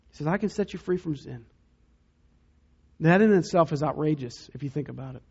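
A man preaching a sermon as pastor, dramatic, dropping to a hush to stress key points. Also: on the high side, brisk, husky, lo-fi sound. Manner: dramatic, drops to a hush for emphasis.

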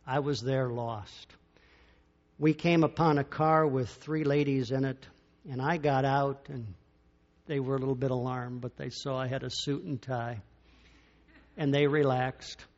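Slow, dramatic preacher man. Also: mid-range voice, little pitch movement, highs cut off. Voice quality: slow, dramatic delivery with big swings in loudness and long pauses. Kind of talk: sermon.

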